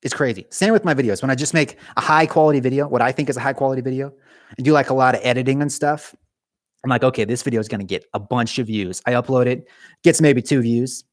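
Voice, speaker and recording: A man's voice: mid-range voice, quick pace, no echo, clean studio sound. Chatty young man streaming live. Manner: casual, animated, talks with his hands; chatty with frequent restarts. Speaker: YouTube gaming channel host. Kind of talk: live stream chat with viewers.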